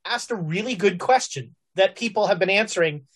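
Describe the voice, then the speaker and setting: A woman's voice: mid-range voice, expressive, a little fast. Woman, game master, casual joking host patter, filler-heavy. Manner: chatty, joking, many fillers. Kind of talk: casual stream announcements.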